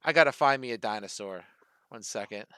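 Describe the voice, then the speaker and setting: A man's voice: fairly low pitch, brisk, fairly bright tone, clear, resonant tone. A man with a Philadelphia accent running an online tabletop game as dungeon master, thinking aloud while he reads the rules.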